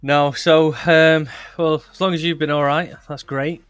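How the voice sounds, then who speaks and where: A man's voice: fairly high pitch, little pitch movement, measured pace, fairly bright tone, smooth, no echo. A young man hosting a podcast in casual chat, laughing often and full of fillers. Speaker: podcast host.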